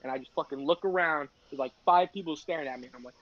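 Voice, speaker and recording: Teen guy, high voice, lo-fi mic, heated rant storyteller. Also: quick pace. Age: teens. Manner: storytelling, swearing often, heated and ranting. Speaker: podcast co-host. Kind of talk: casual chat. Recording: dull lo-fi sound.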